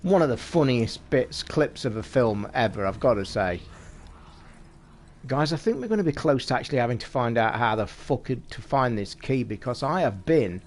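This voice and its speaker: Male streamer, mid-pitched, casual gameplay chatter full of swearing, a faint hiss behind. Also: animated, moderate pace. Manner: chatty, swears constantly, talks to chat. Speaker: live streamer. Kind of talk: casual live gameplay commentary.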